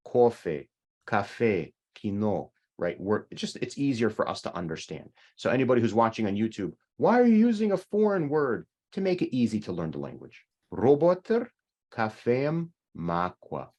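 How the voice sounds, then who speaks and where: A man teaching an online language lesson, explaining slowly and repeating sounds for learners. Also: lowish voice.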